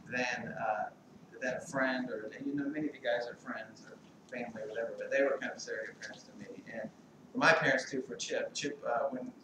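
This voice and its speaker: Middle-aged man, eulogy, halting and meandering with gentle humor; mid pitch; echoey room, far from mic. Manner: halting, rambling, light humor, many fillers. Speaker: eulogist, family friend. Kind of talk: memorial speech. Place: large hall at a memorial service. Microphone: distant mic. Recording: echoey hall, distant mic, background noise.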